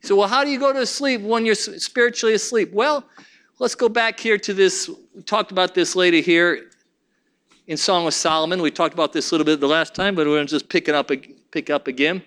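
High, bright-voiced male preacher. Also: fairly quick. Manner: preaching with rising emphasis and frequent restarts. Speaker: pastor. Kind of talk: sermon.

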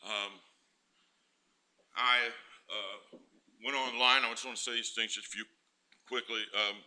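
Bright-voiced preacher man. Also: medium pitch, steady tone, measured pace, reverberant. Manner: builds from quiet musing to loud fervent preaching. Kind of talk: sermon.

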